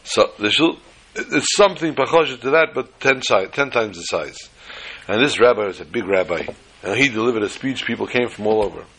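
Man, rabbi giving a casual class, husky low voice, animated storyteller. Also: fairly quick. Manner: animated storyteller who jumps to high pitch for emphasis. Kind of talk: informal Torah class with jokes.

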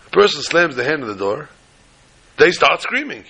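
A male rabbi gives a Torah lesson in a bright, clear voice. He tells stories with lively energy and often breaks into loud, acted-out quotes. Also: mid-range voice, brisk. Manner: animated, acts out quotes, rising to loud exclamations.

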